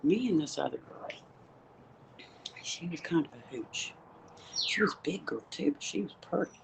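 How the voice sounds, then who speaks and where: This middle-aged woman livestreams from her phone amid noise, chatting in a rambling way, swearing openly and speaking right to her audience. She has a low, animated voice with vocal fry at normal speed.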